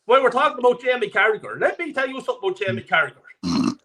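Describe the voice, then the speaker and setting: A man's voice: very high voice, sing-song, quick pace, sharp tone. A man in his forties or older calling in to a live talk show, ranting angrily with constant swearing and repeating himself. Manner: angry, profane, repetitive ranting. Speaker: caller. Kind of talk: ranting call-in chat.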